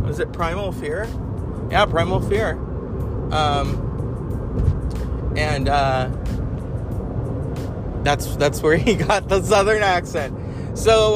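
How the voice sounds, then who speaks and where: Man, podcast host, high voice, rambling, lots of ums, music in the background. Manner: rambling, filler-heavy. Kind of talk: casual podcast chat.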